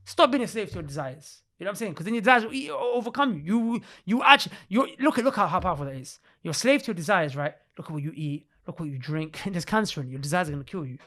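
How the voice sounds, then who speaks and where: A man talking with emotion in a religious podcast discussion, repeating himself for emphasis, restarting his sentences and reciting Arabic verses in quick bursts. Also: sits high, expressive, bright, forceful tone. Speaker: podcast speaker.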